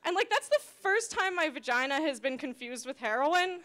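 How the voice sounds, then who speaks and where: Young woman stand-up, high sharp voice, rambling and self-deprecating delivery. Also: animated, moderate pace. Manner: rambling, self-deprecating, shifts into loud shrill voices for quoted bits. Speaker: stand-up comedian. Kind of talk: stand-up comedy set.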